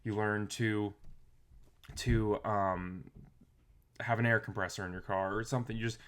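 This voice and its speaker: Brief: man with a lowish voice, reflective and rambling, casual motivational vlog. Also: fairly even intonation, unhurried. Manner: reflective, rambling, with restarts and soft trailing phrases. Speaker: motivational vlogger. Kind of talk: casual motivational talk to camera.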